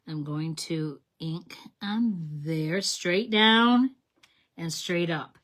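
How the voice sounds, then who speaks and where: Slow, low-voiced woman crafting. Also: a bit bright. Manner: chatty and enthusiastic, talks to viewers as "you guys"; explains step by step with frequent self-corrections. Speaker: craft demonstrator, channel host. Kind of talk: casual card-making tutorial.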